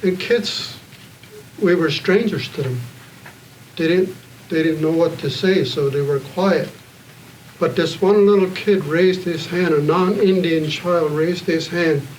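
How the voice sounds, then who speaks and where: A man addresses a gathered audience in an earnest, plain-spoken way, pausing often between thoughts. His voice sits a little high for a man. The mic is set well away from him, with a soft hum of room noise underneath. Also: far from the mic, rough recording. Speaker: panel speaker at a community evening. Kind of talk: heartfelt public storytelling.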